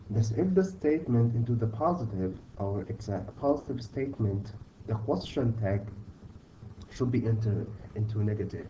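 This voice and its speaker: Man teaching grammar, distant dull recording. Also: fairly low pitch. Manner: patient, repeats "okay?" to check understanding. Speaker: English teacher. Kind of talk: online grammar lesson. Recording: distant, dull mic with faint hiss.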